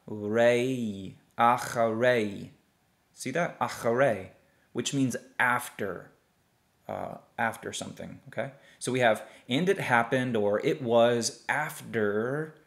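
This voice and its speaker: A young man teaching a language lesson, sounding out syllables slowly and patiently and checking in with his listeners often. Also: mid-range voice, gravelly, a bit bright. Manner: checks in often with "okay?" and "see that?". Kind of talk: explaining a lesson.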